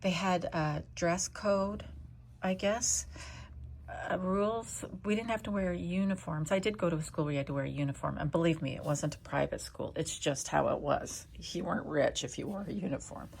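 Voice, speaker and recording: An older woman from Canada telling rambling stories to her cat at home, often sliding into a soft whisper. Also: lowish voice, steady tone, moderate pace, vocal fry, a little hiss or hum. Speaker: vlogger talking to her cat. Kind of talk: casual storytelling to a pet.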